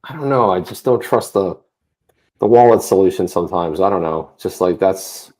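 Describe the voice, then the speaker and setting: A man co-hosting a casual livestream chat, rambling with many restarts and getting animated when he rants. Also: low-pitched, normal speed. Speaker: co-host. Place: home office.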